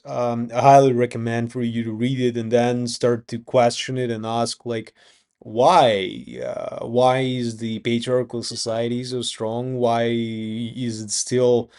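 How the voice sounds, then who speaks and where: Slow, mellow Russian-accented man. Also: mid-range voice. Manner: rambling, swears often, self-interrupting. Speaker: vlogger. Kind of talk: casual monologue.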